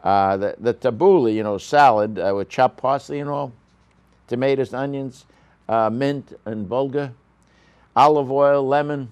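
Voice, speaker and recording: A man's voice: mid-range voice, unhurried, a little mellow, clean tone. A man giving a casual, rambling restaurant review on a local news show, full of fillers and asides. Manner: rambling, with frequent fillers and coughs.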